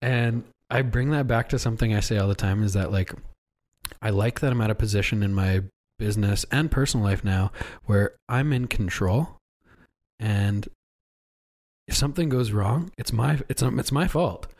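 A man's voice: on the low side, darkish tone. A man hosting a podcast, talking casually in an earnest, reflective way and summing ideas up. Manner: reflective and earnest, sums up ideas, some quick stretches. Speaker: podcast host, realtor. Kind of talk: casual chat.

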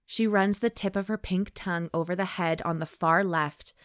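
A woman hosting a comedy podcast, reading an erotic story aloud in a deadpan voice between jokes. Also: on the low side, moderate pace, no room sound, clean studio sound. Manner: deadpan reading broken by laughing asides. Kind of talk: dramatic reading with comic banter.

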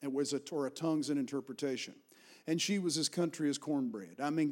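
A middle-aged man with an Appalachian accent preaching a Pentecostal sermon, moving from hushed storytelling to loud, fervent calls to the congregation. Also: a little high, brisk. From Virginia, Appalachian Mountains. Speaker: pastor.

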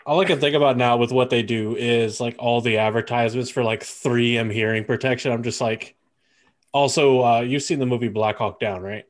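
A man's voice: medium pitch, steady tone, a little fast. A man in casual podcast chat, rambling through joking asides full of "like". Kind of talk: casual book-discussion chat.

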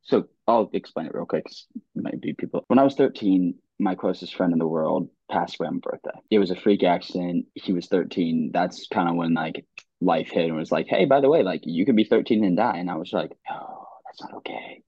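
A young man in casual podcast conversation, earnest and halting, often restarting his sentences. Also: sits low, a little mellow, no room sound. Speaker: podcast guest. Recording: dry, dull lo-fi sound.

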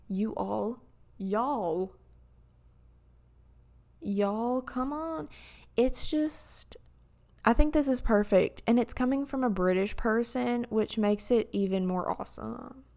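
A young woman casually reading opinion posts aloud and reacting to them in a chatty, animated way, full of fillers and restarts. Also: mid-range voice.

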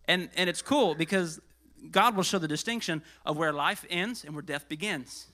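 A pastor with a fairly high male voice preaches at a moderate pace, full of energy. Loud passages give way to hushed asides, and he gets out of breath.

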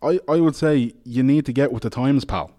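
A man's voice: medium pitch, a little fast, dark tone. A man arguing bluntly and with exasperation in a studio debate. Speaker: panelist.

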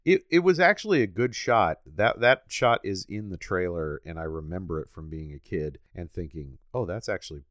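A man's voice: sits low, expressive, moderate pace, hardly any pauses, a bit bright, no echo, studio quality. A man in his forties co-hosting a podcast, chatting casually and profanely about a horror movie with a rambling, chuckling manner. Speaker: podcast co-host. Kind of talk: casual movie-review chat.

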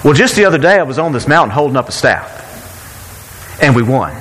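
A man's voice: medium pitch, big pitch swings, moderate pace, a bit bright, big-room sound. A man voicing Moses as a boastful, rambling man with an American Southern accent. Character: boastful Moses, middle-aged man bragging.

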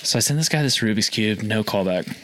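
A man telling a story in casual chat, acting out the calls with sudden jumps in pitch. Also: lively intonation, fairly quick, fairly bright tone, slight background noise. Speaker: guest telling a sales story.

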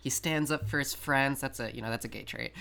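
Casting: woman guest with a very deep voice, halting and chatty. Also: vocal fry, fairly bright tone. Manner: halting, repeats words while recounting. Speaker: podcast guest. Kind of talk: casual chat.

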